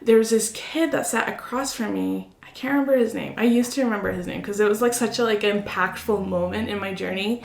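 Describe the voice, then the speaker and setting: A woman from Mexico co-hosting a podcast, an animated storyteller who laughs often. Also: mid-range voice, fairly quick, gravelly, hardly any pauses. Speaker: podcast co-host. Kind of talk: casual chat. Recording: roomy echo.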